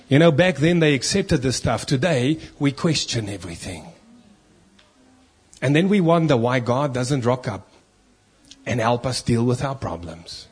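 Husky-voiced man preaching a sermon. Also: medium pitch, sing-song, a little slow. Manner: emphatic, rhetorical questions, reads scripture aloud.

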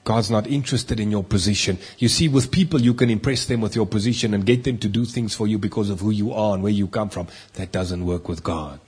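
A man preaching a sermon, emphatic, swinging between loud stressed lines and quiet asides. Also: on the low side, fairly quick, hardly any pauses, breathy edge. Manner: emphatic, rising and dropping loudness for stress.

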